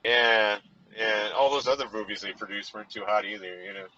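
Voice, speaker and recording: On the low side and brisk, this man's voice has a bright, forceful tone. He rambles through a casual film chat as a co-host from his car while driving, dropping "you know" often. Faint background noise sits under dull, lo-fi sound.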